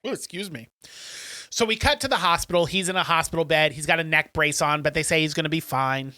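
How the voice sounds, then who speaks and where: Guy on a podcast retelling a movie, jumps up high doing everybody's lines, bright clean voice, dry mic. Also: fast, no room sound. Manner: animated retelling, acts out characters in raised voices. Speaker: podcast co-host. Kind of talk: casual chat recapping a film.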